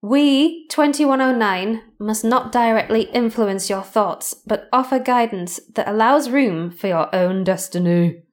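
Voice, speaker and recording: A woman voicing a secretive entity from the future, reading its message slowly and solemnly in a lowered voice. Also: natural voice. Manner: slow solemn recital.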